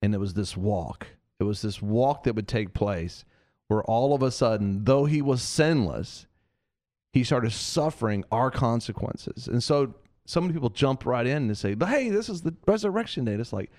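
A man's voice: medium pitch, moderate pace, darkish tone, no echo, clean studio sound. A man hosting a Christian talk show, preaching earnestly and repeating phrases for emphasis. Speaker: host of a Christian TV and radio show.

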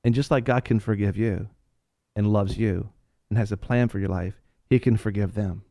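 Impassioned man preaching, hushed then loud. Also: lowish voice, steady tone, normal speed, no room sound, clean studio sound. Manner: addresses listeners directly as sir and ma'am. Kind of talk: sermon.

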